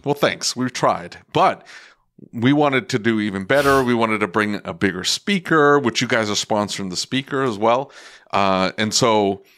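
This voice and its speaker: A man co-hosting a podcast, telling an excitable story in casual chat and acting out quotes. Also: on the low side, normal speed. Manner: excitable storyteller, animated quoting. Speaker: podcast co-host.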